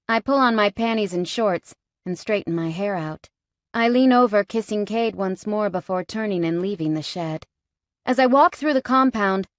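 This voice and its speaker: A woman narrating a first-person romance novel in a soft, intimate reading. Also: medium pitch, no echo, studio quality. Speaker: audiobook narrator.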